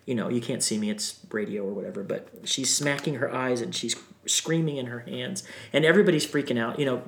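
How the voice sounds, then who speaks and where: A man, a singer guest on a podcast, telling an emotional story in an animated way. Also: medium pitch, fairly quick, creaky, a little hiss or hum. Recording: roomy echo.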